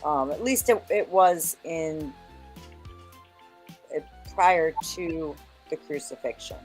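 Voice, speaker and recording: A woman taking part in a casual discussion, unsure and searching for words, quick to make fun of herself. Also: low-pitched, darkish tone, faint music behind. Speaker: discussion participant.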